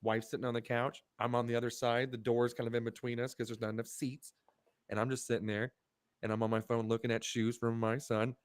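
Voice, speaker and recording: A man's voice: medium pitch, level tone, brisk, clean tone, no echo. A middle-aged man co-hosting a podcast, telling a story with lots of swearing and animation. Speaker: podcast co-host. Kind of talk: casual podcast chat.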